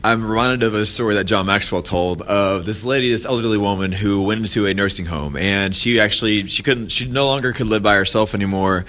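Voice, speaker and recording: A man's voice: fairly quick, hardly any pauses, sharp tone. A man hosting his own podcast, giving a casual motivational talk, rambling with restarts and fillers and lifting his voice to act out quoted people in stories. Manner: acts out quoted voices in a higher pitch when telling stories. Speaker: podcast host.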